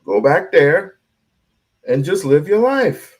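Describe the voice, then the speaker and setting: A man's voice: fairly high pitch, big pitch swings, slow pace, a little mellow. A man giving heated, profane live-stream commentary, ranting and repeating himself.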